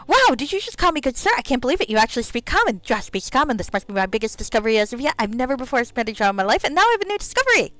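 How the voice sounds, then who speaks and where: A woman's voice: on the high side, no room sound, faint music behind. A woman doing Meriadoc, a gushing little gnome man. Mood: eager. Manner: gushing, rushed and excitable. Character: eager excitable male gnome shopkeeper scholar.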